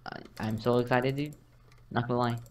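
A young man gaming with a friend, giving flat, short deadpan replies. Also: mid-range voice, fairly quick. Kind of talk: casual gaming chat.

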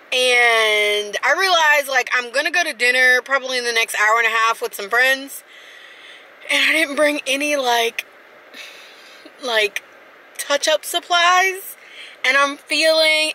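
A woman's voice: high voice, bright, forceful tone, a little hiss or hum. A woman, chatting casually and rambling to her viewers in a vlog. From South Carolina. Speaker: vlogger.

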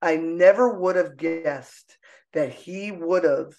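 A middle-aged woman speaking as a podcast guest, expressive and emotional, laughing often as she talks. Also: lowish voice, takes it slowly, lo-fi sound. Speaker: podcast guest, artist and author. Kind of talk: casual conversational interview. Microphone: own microphone.

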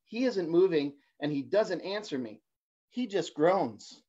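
A man voicing a small, timid male blue fish in a storybook reading, with a high, anxious voice. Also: expressive, measured pace, mellow. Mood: alarmed. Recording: dull lo-fi livestream audio.

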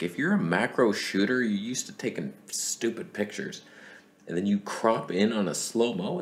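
A man vlogging about cameras, telling a comic story and acting out his friends' lines. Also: fairly low pitch. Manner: animated, acts out friends' voices. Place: outdoors.

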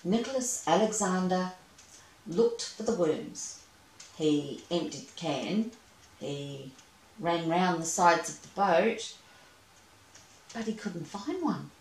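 A woman reading a children's storybook aloud, gentle and expressive with playful asides. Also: lowish voice, slow, pauses often, recorded from a distance. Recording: echoey room, away from mic.

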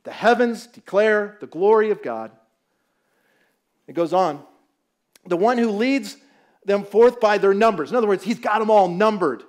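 A man with a notably high voice preaches to a church congregation, telling stories and joking with his listeners. He sounds middle-aged and speaks with lively, animated energy, and he is from Southern California. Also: normal speed, pauses often. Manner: animated, storytelling, jokes with the audience. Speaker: guest pastor. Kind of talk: sermon with humor. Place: church sanctuary.

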